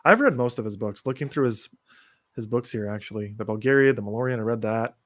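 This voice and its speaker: A man's voice: mid-range voice, expressive, fast, a bit bright. Casual man chatting about fantasy books. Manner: enthusiastic, lists book titles, loose and rambling. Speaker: podcast host. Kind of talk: casual chat.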